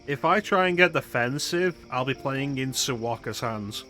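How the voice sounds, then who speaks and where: A man's voice: medium pitch, expressive, normal speed, sharp tone, faint music behind. A man streaming a video game, making sarcastic, crude jokes in casual commentary.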